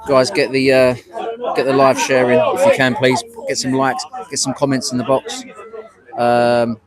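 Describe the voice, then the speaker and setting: A man's voice: medium pitch, little pitch movement, moderate pace, poor audio. An English man hosting a casual outdoor livestream, chatting and greeting viewers by name. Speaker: livestream host. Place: outdoors at a street protest. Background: crowd.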